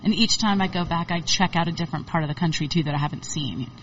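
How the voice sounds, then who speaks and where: A chatty woman talks through her touring life in a relaxed interview, her voice on the lower side. She sits a little back from the mic, and the sound is dull and muffled with a faint hiss. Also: fast talker, far from the mic. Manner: chatty, rambling, laughs often. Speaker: touring musician guest. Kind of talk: casual interview chat.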